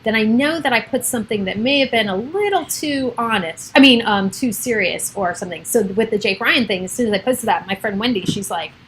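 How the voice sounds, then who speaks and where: A woman's voice: fairly high pitch, animated, a little fast, few pauses, a bit bright, slight background noise, poor audio. A middle-aged woman hosting a casual livestream from her home, rambling and chatty, laughing often. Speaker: livestream host. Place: home with children and pets around.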